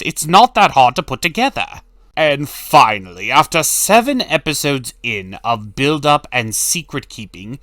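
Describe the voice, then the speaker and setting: A man recaps a cartoon episode in loose, casual commentary, blunt and sarcastic, with free swearing. His voice is bright and forward, and his pitch swings around animatedly. The sound is dry and close. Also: no room sound. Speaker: cartoon reviewer.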